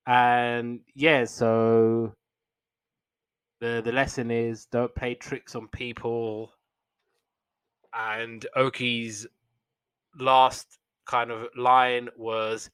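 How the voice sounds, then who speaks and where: A man's voice: mid-range voice, steady tone, slow, sharp tone, smooth, dry recording. A young man hosting a podcast, casually retelling old cartoon episodes in a rambling way with fillers and restarts.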